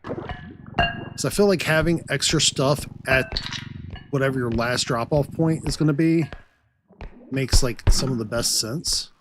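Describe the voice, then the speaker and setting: A man's voice: medium pitch, unhurried, long pauses, music in the background. A man streaming live gameplay, chatting and talking to himself as he plays. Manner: chatty, talks to himself while playing.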